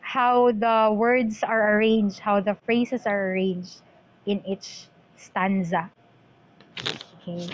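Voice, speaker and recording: A woman's voice: mid-range voice, fairly even intonation, takes it slowly, muffled recording, slight background noise. A woman teacher giving an online lecture, explaining terms and switching between English and Cebuano.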